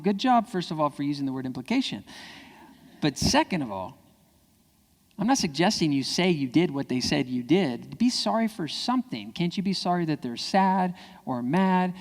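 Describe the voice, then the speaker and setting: A man giving a lively keynote speech to parents, acting out quoted kids and parents in high voices. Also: normal speed. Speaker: keynote speaker. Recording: hall reverb.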